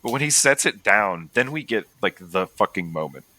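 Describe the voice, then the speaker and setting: A man co-hosting a podcast, chatting casually and excitedly about a movie, swearing and acting out scenes. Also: fairly low pitch. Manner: excitable, swears, acts out scenes in quick voices. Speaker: podcast co-host. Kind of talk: casual movie review chat.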